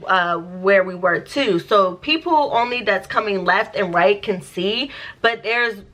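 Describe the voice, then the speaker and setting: Bright-voiced, animated woman. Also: mid-range voice, unhurried. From United States. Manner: animated, profane, acts out dialogue. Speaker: vlogger. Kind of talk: storytime vlog.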